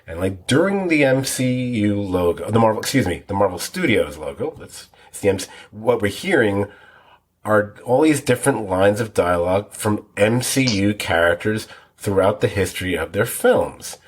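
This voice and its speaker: A man's voice: lowish voice, lively intonation, normal speed, husky. A man co-hosting a TV podcast, rambling through details in a casual, self-deprecating way. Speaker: podcast co-host. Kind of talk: casual chat.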